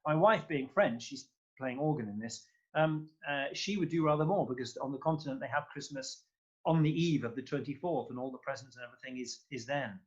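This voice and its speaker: A man's voice: mid-range voice, brisk, muffled recording. A man chatting as a guest conductor in an interview, effusive and rambling, with lots of fillers. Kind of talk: casual interview chat.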